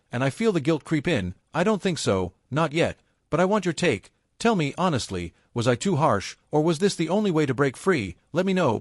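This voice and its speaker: Man, scripted story narration, steady read, dry close sound. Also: medium pitch, no room sound.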